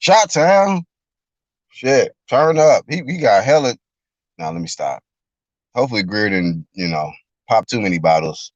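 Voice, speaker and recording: Male streamer, profane live reaction rant, mocking; lively pitch, flat lo-fi recording with no room sound. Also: unhurried, pauses often, no room sound. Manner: mocking, animated, breaks into shouted impressions. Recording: dull lo-fi dry recording.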